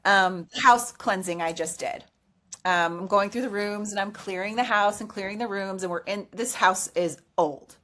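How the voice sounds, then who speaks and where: A woman's voice: medium pitch, moderate pace. A woman who is a meditation teacher and sound healer, a guest in a casual chat, telling stories animatedly and acting out what others said. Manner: animated storyteller, emotional, acts out quotes. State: tearful at times. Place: recording studio.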